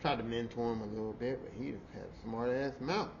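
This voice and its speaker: A man's voice: brisk, gravelly. A man hosting a podcast, telling a profane work story in casual style and acting out the quotes. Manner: animated, profane, acts out quotes with big pitch jumps. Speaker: podcast host. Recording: slightly dull audio with faint noise.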